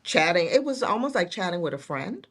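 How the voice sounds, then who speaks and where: Woman, middle-aged, low-pitched, earnest, heartfelt, casual interview guest. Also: sing-song, brisk, a bit bright, breathy edge. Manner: earnest, heartfelt storytelling with many restarts. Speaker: guest, nurse executive.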